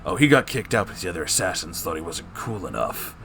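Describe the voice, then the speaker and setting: A man's voice: deep voice, animated, quick pace, creaky, sharp tone, a little hiss or hum, voice pushed down, heavily acted. A man voicing a smug, mean-spirited male assassin father in a comedic story reading.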